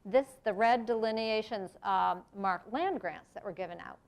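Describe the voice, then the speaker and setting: A middle-aged woman from the United States gives a public talk in an earnest, reflective way. Her voice sits at a medium pitch, and she breaks into sudden emphatic rises. The talk appears to have been given in a lecture room. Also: normal speed, creaky. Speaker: speaker giving a presentation on race.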